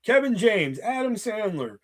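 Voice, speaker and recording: A man's voice: high-pitched, sing-song, measured pace. A man hosting a casual movie chat, rambling with lots of swearing and fillers. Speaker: host.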